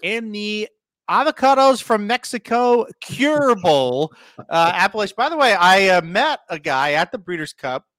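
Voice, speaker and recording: A man with a high-pitched voice hosts a casual sports betting show, breezing through picks and throwing questions to his partner. The sound is dry and close, with no room around it. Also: very animated, unhurried, a bit bright, no room sound. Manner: breezy, leads the picks and asks for co-host's take. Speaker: sports betting podcast host.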